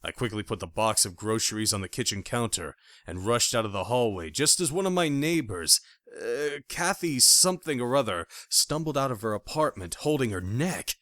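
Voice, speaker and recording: A man narrating a thriller audiobook in the first person, with expressive storytelling. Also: mid-range voice, normal speed, hardly any pauses, no echo, clean studio sound.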